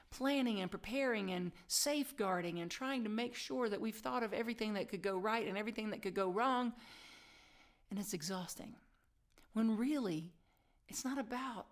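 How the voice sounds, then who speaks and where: A woman minister gives an inspirational sermon in an ordinary mid-pitched voice. She tells stories with lively energy and laughs at herself. On her main points she sinks to a soft, almost whispered tone. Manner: animated storytelling, laughing at herself; drops to soft, near-whispered emphasis.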